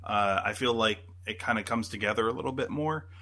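A man's voice: fairly low pitch, a little fast, pushed and bright. A man co-hosting a podcast, chatting casually and rambling with lots of fillers and restarts. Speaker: podcast co-host. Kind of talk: casual chat.

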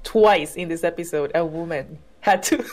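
A woman co-hosting a casual TV recap chat, chatty and quick to laugh. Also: fairly low pitch, a little mellow. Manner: chatty, laughs often, many backchannels. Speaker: podcast co-host.

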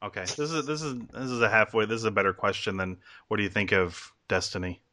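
Rambling Midwestern podcast host, bright dry voice. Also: male voice, fairly low pitch, fairly even intonation, quick pace, dry recording. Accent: Midwestern American. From Midwestern United States. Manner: rambling, many filler words and restarts. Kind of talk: casual podcast chat.

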